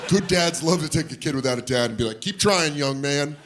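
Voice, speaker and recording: This male comic's stand-up bit moves at a slightly quick clip as he acts out each person in his story, his voice jumping wildly in pitch. Audience laughter fills the comedy club around him, adding background noise.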